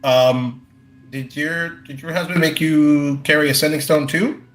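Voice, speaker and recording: A man's voice: a little high, fairly even intonation, measured pace. A man playing a tabletop game, hesitant and earnest, friendly in character. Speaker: player. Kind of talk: in-character tabletop role-play.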